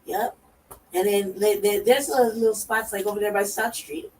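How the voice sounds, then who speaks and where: A woman co-hosting a talk show, telling a profane story in a lively way and acting out her own reactions. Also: mid-range voice, normal speed. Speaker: podcast co-host. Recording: distant mic with faint noise.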